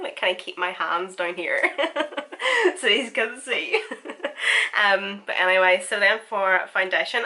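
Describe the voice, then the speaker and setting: A woman's voice: fairly low pitch, sharp tone, low-quality recording. A woman in her twenties with a sick, nasal voice, chatting and laughing often through a makeup tutorial. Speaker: makeup vlogger. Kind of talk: casual makeup tutorial chat.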